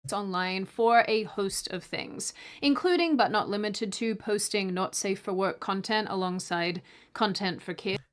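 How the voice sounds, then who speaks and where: A woman's voice: medium pitch, unhurried. A woman hosting a scripted commentary video, sarcastic, with jokey asides and mock apologies.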